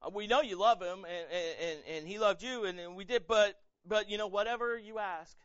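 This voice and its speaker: Grieving woman, pleading and halting, bright and pitched up, as a male preacher puts her on; dull lo-fi sound. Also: no echo. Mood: hurt pleading.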